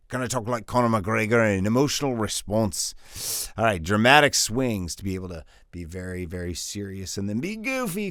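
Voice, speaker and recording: A man's voice: lowish voice, a bit bright, no room sound, studio quality. A male voiceover coach giving a casual online tutorial, upbeat and slangy, joking as he talks straight to the viewer.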